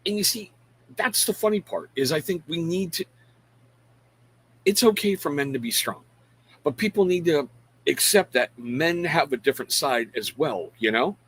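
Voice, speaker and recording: A man's voice: on the high side, expressive, normal speed, a bit bright, husky, low-quality recording. A middle-aged man hosting a casual live stream. He rambles frankly, pokes fun at himself and greets chat viewers by name between thoughts. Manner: frank, self-deprecating. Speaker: live show host.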